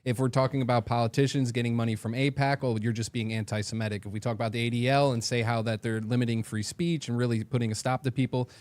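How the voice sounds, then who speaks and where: A fed-up man on a political panel rattles through his complaints at a fast clip. His voice is recorded dry and close. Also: medium pitch, little pitch movement, a little mellow, no echo. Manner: fed-up, listing grievances.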